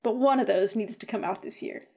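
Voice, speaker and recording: A woman co-hosting a gaming podcast, chatting casually and retelling things in a quick, animated way. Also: mid-range voice, creaky. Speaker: podcast co-host. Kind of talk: casual chat.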